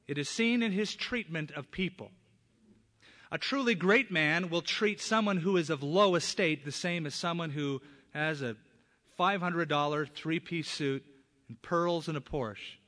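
A man's voice: a little high, measured pace. A man preaches with a slightly raised, emphatic voice, pressing hard on key words. His sermon carries a long reverb from a large church hall. He speaks as a pastor from the pulpit. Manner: emphatic, rising to loud stresses on key words.

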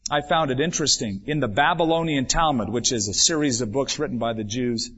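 A man's voice: medium pitch, brisk, fairly bright tone. Dramatic preaching man on a dull tape. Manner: dramatic preaching, swells and drops for emphasis. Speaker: pastor. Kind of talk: sermon. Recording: dull lo-fi 1996 church recording.

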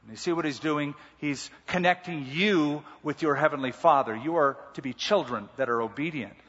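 A man's voice: fairly high pitch, normal speed, fairly bright tone, slightly rough. A male pastor preaching a sermon, emphatic and repeating key words. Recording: muffled hall reverb.

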